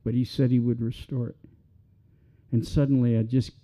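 A man's voice: medium pitch, flat delivery, moderate pace, dark tone. A middle-aged man preaching a sermon as a pastor, talking in an earnest, conversational way that builds to passionate appeals.

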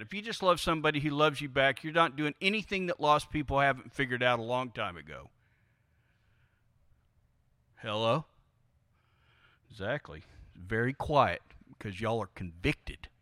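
A man's voice: medium pitch, animated, moderate pace, long pauses, pushed and bright, dry recording, clean studio sound. A man preaching a sermon to a congregation in a conversational way, prodding them with questions and leaning on key words. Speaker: pastor.

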